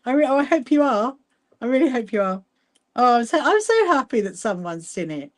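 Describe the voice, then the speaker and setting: A woman's voice: on the high side, very animated, brisk. Chatty woman hosting a sewing livestream. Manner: chatty, greets viewers by name, laughs often. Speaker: livestream host. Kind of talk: casual livestream chat while sewing. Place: sewing room at home.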